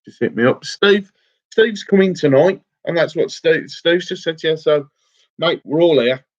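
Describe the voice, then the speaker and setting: A man's voice: a little high, animated, normal speed. Chatty man hosting a livestream. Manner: chatty, emotional, says mate a lot. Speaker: fishing livestream host. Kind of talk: casual livestream chat reading comments. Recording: slightly dull lo-fi stream audio.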